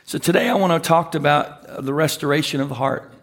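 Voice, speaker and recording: A man with a high voice preaches a sermon. He talks to the congregation conversationally, then slows right down to lean on the words that matter. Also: creaky, fairly bright tone. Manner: conversational preaching with emphatic slowed phrases. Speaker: pastor.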